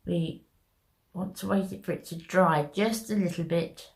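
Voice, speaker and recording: A woman's voice: fairly low pitch, steady tone, measured pace. A woman talking viewers through a makeup tutorial in a chatty, step-by-step way. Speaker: makeup vlogger.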